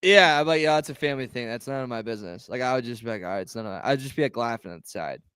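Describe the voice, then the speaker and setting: A man co-hosting a sports podcast, chatting casually and quickly, with lots of filler "like". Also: medium pitch, lively intonation, a bit bright, clean tone, dry recording, studio quality. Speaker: podcast co-host. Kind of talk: casual chat.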